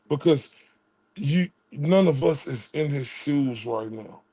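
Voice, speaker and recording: A man's voice: medium pitch, takes it slowly, mellow. A man from Texas, streaming commentary in a preachy way and repeating his phrases.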